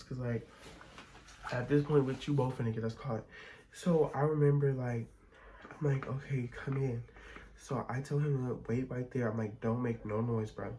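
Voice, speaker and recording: Doing his makeup on camera, this young man spins a storytime with casual, expressive chatter and blunt, profanity-heavy gossip. He has a mellow, mid-range voice at normal speed, captured in a rough recording.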